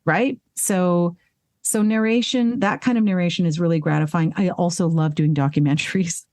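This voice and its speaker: A woman voice actress and singer talking candidly as an interview guest, animated, swearing freely and laughing at herself, with hiccups breaking in now and then. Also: fairly low pitch, moderate pace, no room sound. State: hiccuping and burping. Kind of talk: casual interview conversation.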